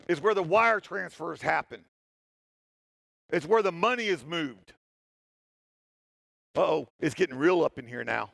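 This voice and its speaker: A man with a high, gravelly voice tells a story on stage in a conference talk. He jokes often and pokes fun at himself. His voice sounds dry and close. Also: no room sound. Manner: animated, joking, self-deprecating. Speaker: security tester giving a talk. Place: stage in a hall.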